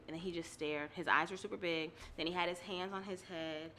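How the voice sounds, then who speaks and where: Co-host: woman, lowish, bright voice, animated chatty storyteller on a podcast mic. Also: a little fast, slight background noise. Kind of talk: casual storytelling chat. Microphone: podcast microphone.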